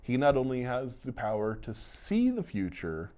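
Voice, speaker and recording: A man co-hosting a podcast, retelling a novel's scenes in casual chat and acting out the characters' lines. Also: medium pitch. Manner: animated, acts out characters' lines in quick voices. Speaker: podcast co-host.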